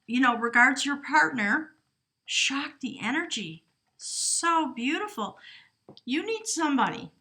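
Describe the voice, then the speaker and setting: Bright-voiced, effusive woman reading tarot. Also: fairly high pitch. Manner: warm, effusive, emotional, chatty. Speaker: tarot reader. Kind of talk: casual tarot reading to camera. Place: home room with a small table. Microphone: camera at a short distance.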